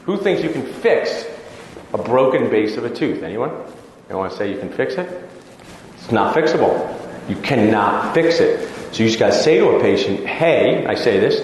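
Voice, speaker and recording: Joking dentist in an echoey hall. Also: male voice, lowish voice, expressive, fairly quick, slight background noise. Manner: casual, joking, acts out patient dialogues. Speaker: dentist speaking to dental students. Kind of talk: conference talk. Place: large lecture hall. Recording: echoey hall with long reverb.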